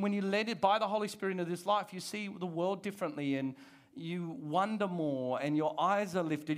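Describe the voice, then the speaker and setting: A pastor, preaching a sermon to his church in an animated, conversational way. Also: sits high. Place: church service.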